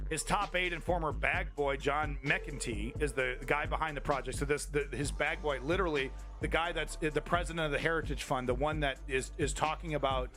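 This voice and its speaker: Male stream host, angry political rant, swears a lot, slightly high voice, faint music under it. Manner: heated, profane, rambling with restarts. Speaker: live-stream news host. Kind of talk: angry political commentary to chat.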